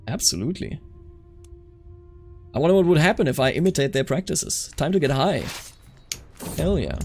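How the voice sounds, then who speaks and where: Expressive male game streamer. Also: fairly high pitch, normal speed, pauses often. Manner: reads event text aloud, reacts loudly. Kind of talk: live game stream commentary.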